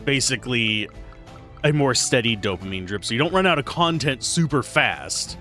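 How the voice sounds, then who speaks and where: Bright-voiced man thinking aloud over gameplay. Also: medium pitch, lively intonation, normal speed, soft background music. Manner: musing, analytical, thinking aloud. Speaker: game reviewer, let's player. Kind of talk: casual gameplay commentary.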